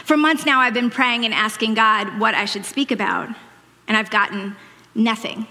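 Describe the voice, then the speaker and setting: A woman's voice: a little high, fairly even intonation, moderate pace, sharp tone, big-room sound. A woman in her forties from Long Island, New York, with a faded Long Island accent, giving a chatty, self-deprecating Mother's Day sermon from a church stage. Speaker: church speaker.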